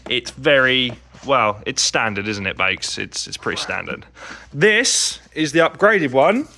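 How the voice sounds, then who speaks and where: Bright-voiced man, casual car vlogger who talks you through each job. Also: medium pitch, very animated, unhurried, vocal fry, slight background noise. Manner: chatty, explains as he works. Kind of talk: casual how-to vlog.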